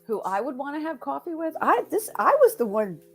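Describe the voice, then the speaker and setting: A woman's voice: high voice, very animated, brisk, faint music behind. A woman co-hosting a casual video call chat, chatty and filling her talk with "like". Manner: chatty, says "like" a lot.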